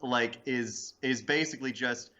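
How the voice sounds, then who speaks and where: A man's voice: mid-range voice, unhurried, bright, forceful tone, dull audio. A man from Oregon, a comedian guest, chatting in a rambling, joking way on a podcast. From Salem, Oregon, USA. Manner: chatty, rambling, laughs into jokes. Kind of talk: casual podcast banter.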